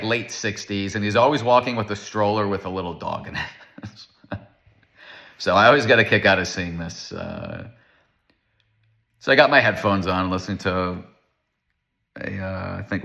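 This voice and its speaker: A man with a lowish, gravelly voice gives a casual Torah lecture. He's animated and tells stories, acting out the voices of the people in them.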